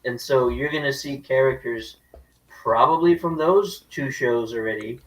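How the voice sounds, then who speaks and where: A man co-hosting a movie talk show, calm and explanatory in casual chat. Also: mid-range voice, far from the mic, low-quality recording. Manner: measured, explanatory. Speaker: podcast co-host. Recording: voice a bit away from the mic.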